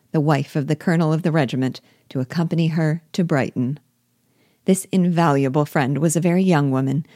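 A woman narrating a classic novel aloud in a steady, measured reading style. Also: low voice, dry recording, clean studio sound. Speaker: audiobook reader and guide. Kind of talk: scripted narration.

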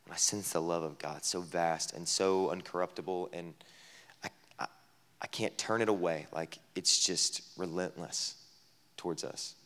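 A man preaching a sermon as a pastor at a camp gathering, talking conversationally with many rhetorical questions, dropping to a hush and then rising loud. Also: deep voice, fairly even intonation, normal speed. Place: camp meeting hall. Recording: long hall reverb.

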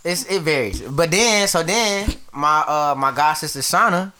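A young man with a Southern Atlanta accent talks casually on a podcast, his voice bright and clear. He stumbles through his story with plenty of fillers and restarts. There is a faint hiss in the background. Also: on the high side, animated. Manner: loose, halting storytelling with many fillers. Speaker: podcast co-host. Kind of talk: casual chat.

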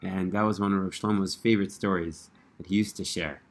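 Earnest man telling a story, low voice. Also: a little fast. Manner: earnest, animated when quoting characters. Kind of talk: casual spoken storytelling.

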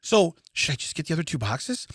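A man co-hosting a podcast, telling a story in an animated rant, often laughing. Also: a little high, fairly quick, slightly rough, no room sound, clean studio sound. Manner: animated ranting with frequent laughter. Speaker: podcast co-host. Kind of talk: casual comedic storytelling.

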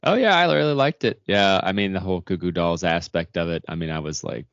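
Man, podcast co-host, very low voice, rambling casual chat, dry dull audio. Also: lively intonation, fairly quick, gravelly, hardly any pauses, no room sound. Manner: rambling, many fillers and restarts.

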